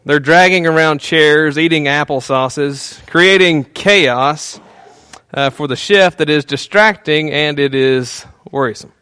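A male pastor preaching a sermon in a relaxed, conversational way, with frequent fillers and small chuckles, dropping to a soft, hushed tone when he prays. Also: on the high side, slow pace, clean tone.

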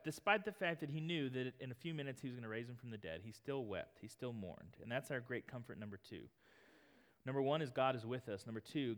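Earnest male pastor in a reverberant sanctuary. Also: medium pitch. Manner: earnest, conversational preaching with scripture reading. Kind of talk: sermon. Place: church sanctuary. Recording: long hall reverb.

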